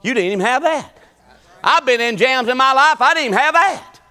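A middle-aged man, preaching a folksy, animated sermon full of repetition and bursts of song. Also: very high voice, brisk, smooth, big-room sound.

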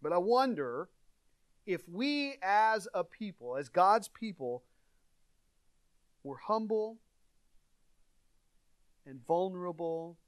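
A male pastor preaches in an earnest, conversational way, rising to stress a point and sinking low and soft for reflection. His voice sits a little high for a man, and the recording is dry and close, with almost no room sound. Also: sing-song, slow, long pauses, no echo. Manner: earnest, conversational preaching with dynamic swings in volume. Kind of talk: sermon.

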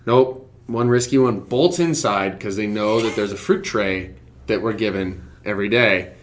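A man's voice: fairly low pitch, normal speed, slight background noise. A young man, a podcast guest, telling a story in casual chat and acting out the voices of the animals in it.

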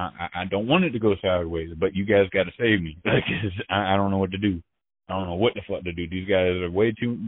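Low-voiced man on a tinny phone line. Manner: profane, halting, slangy, with frequent restarts. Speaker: interviewee. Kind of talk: casual storytelling.

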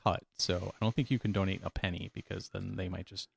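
A man's voice: deep voice, little pitch movement, fast talker, vocal fry, breathy edge, dry recording. A man co-hosting a podcast in easygoing, rambling casual chat. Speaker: podcast co-host.

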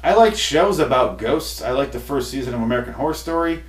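A man hosting a comedy podcast, ranting in an exasperated, profane way, with his voice going hoarse. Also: mid-range voice, lively intonation, fast talker. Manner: exasperated, profane, building to shouty outbursts. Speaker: podcast host. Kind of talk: comedic rant. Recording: roomy echo, distant mic.

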